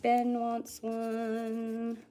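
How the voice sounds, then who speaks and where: A woman's voice: a little high, monotone, drawn-out words, warm tone, slight background noise. Chatty woman doing live psychic readings. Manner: chatty, greets viewers by name, hums and mutters to herself between readings. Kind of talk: casual livestream chat with viewers.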